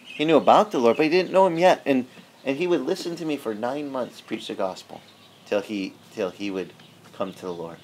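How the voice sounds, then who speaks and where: A male pastor telling a story in a sermon, animated and conversational, acting out the people he quotes. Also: medium pitch, a little fast, a little hiss or hum. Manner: conversational with frequent restarts.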